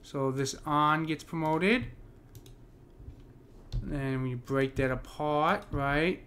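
A man's voice: a little high, takes it slowly, fairly bright tone, slight background noise. A man with an American accent explaining poetic meter in a casual lesson, thinking aloud with many fillers and restarts. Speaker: poetry teacher. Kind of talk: casual screen-share lesson.

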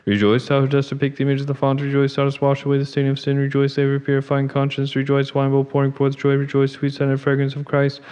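Man reciting fast on a single tone. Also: mid-range voice, clear, resonant tone. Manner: rapid even recitation on one tone. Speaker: monastic reader. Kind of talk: chanted liturgical reading. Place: monastery church.

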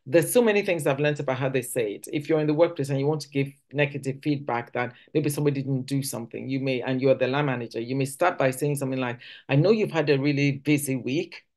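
A woman's voice: very deep voice, fast talker, few pauses, darkish tone. A woman from Nigeria, giving a conversational teaching talk at a church service, often restarting sentences and acting out quoted speech. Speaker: church speaker.

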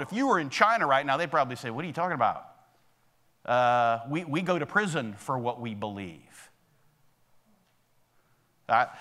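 A man's voice: on the high side, sharp tone. A male pastor preaching a sermon in a church, talking conversationally and often checking in with the congregation. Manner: conversational preaching with frequent "okay?" and "right?" check-ins to the congregation. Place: church sanctuary.

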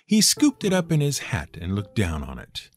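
A man narrating folktales in a wry, expressive storytelling manner. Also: fairly low pitch, normal speed. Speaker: storyteller host. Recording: guitar music playing beneath. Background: guitar music.

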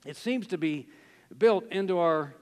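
A man's voice: high-pitched, expressive, a little slow, a little mellow. A man preaching a sermon, telling stories, reading quotes aloud and chuckling often. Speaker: pastor. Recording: long hall reverb.

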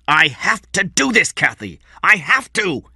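A man voicing a stubborn, angry male kidnapper who barks short, forceful orders. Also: a little high, lively intonation, measured pace, dry recording, studio quality, voice pushed up. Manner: curt, forceful.

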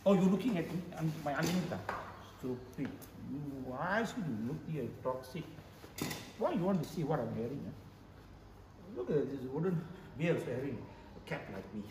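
A man's voice: fairly high pitch, expressive, a little fast. A man, hosting a comic show-and-tell vlog at home, full of mock amazement. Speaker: vlogger host. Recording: echoey room with background noise.

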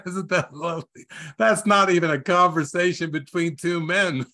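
Chuckling spiritual teacher man, higher voice. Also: fairly even intonation, a little slow, bright, forceful tone. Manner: chuckles often between phrases. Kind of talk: gentle spiritual teaching talk.

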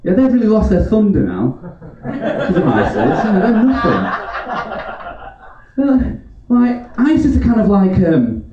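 A man's voice: sits high, huge pitch swings, measured pace, long pauses, dark tone, recorded from a distance, a little hiss or hum. A drunk man doing a rambling stand-up set in a comedy club, swearing constantly and laughing as he goes. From England. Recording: roomy club recorded from afar, dull, crowd laughter. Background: audience laughter.

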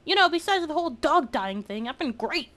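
A woman's voice: high-pitched, big pitch swings, fairly quick, a bit bright. A woman commenting on a video game as she plays, chatty with exaggerated reactions. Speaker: gameplay streamer. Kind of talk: let's play commentary.

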